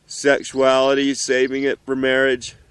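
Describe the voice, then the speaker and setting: A middle-aged father, emotional and earnest, speaking haltingly outdoors in the mountains in a heartfelt message to his children. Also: medium pitch, completely flat delivery, fairly bright tone, clean tone, no room sound. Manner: earnest, halting, with pauses and restarts.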